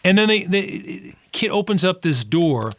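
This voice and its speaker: A man's voice: high voice, sing-song, unhurried. A man co-hosting a podcast, retelling film scenes in casual chat and acting out the characters' lines. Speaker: podcast co-host.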